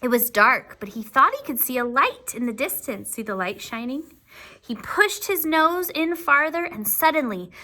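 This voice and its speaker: A woman teacher reading a picture book aloud to young children, with asides to them. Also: medium pitch. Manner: slow, expressive, with asides to the children.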